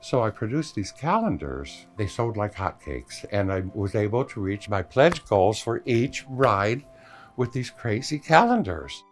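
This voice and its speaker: An older man telling stories in a documentary interview, playful and animated, acting out his own past thoughts. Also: fairly low pitch, measured pace, soft background music. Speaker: longtime charity ride participant.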